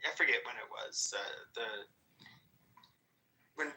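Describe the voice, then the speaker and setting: A man in a casual political chat who asks halting, rambling questions and keeps cutting back in. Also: mid-range voice, sharp tone. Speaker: caller asking questions. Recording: roomy echoing room.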